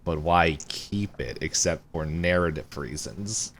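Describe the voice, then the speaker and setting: A man with a very deep voice works through his wiki notes in a relaxed podcast chat. He hesitates often and fills the gaps with ums. A faint background noise sits under him. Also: unhurried. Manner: hesitant, lots of ums while reading notes. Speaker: podcast co-host.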